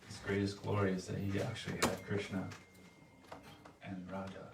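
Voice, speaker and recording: Man, deep voice, earnest devotional sharing, halting speech, distant mic, echoey hall. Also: completely flat delivery, gravelly. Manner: earnest, soft-spoken, halting with restarts. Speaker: devotee giving a spoken offering. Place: temple hall. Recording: echoey room, distant mic, faint noise.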